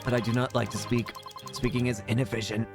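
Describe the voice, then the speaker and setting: A man voicing a terse male bomb disposal expert in a game, speaking in a flat, clipped, mechanical way. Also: mid-range voice, brisk, music in the background, natural voice. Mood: robotic. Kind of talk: video game voice acting.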